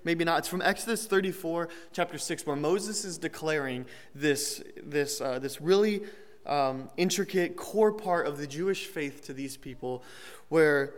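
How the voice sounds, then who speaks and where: A man's voice: on the high side, unhurried. Young man preaching in a reverberant hall. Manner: conversational, with restarts and light humor. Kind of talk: sermon.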